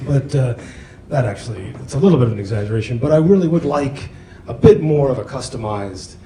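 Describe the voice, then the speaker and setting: A middle-aged man does stand-up at a comedy club, speaking into a handheld mic. He talks haltingly and self-deprecatingly, with lots of fillers. His voice echoes through the room over clear room noise. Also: medium pitch, animated, mellow. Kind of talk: stand-up routine.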